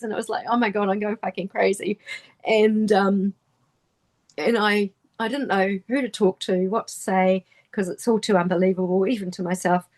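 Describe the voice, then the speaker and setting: A middle-aged woman from New Zealand, speaking with a New Zealand accent in a voice of middling pitch. She is a podcast guest telling a personal story, and her speech halts often, full of restarts and phrases that trail off. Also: darkish tone.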